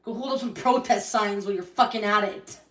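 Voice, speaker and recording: A woman's voice: mid-range voice, fairly quick, far from the mic. A young adult woman on a live stream, ranting in a heated, profane and rambling way. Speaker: livestreamer. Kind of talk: angry live-stream rant. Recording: roomy echo, voice off-mic.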